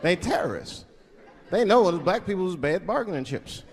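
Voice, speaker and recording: A man performing a stand-up comedy set on stage, telling stories that swing between loud punchlines and low asides. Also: animated, moderate pace. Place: stage before a live audience. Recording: live stage mic with crowd laughter. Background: audience laughter.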